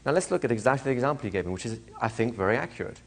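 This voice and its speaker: A man lecturing a live class as a hypnosis trainer, animated, asking the room questions and acting out little scenes. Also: mid-range voice, racing.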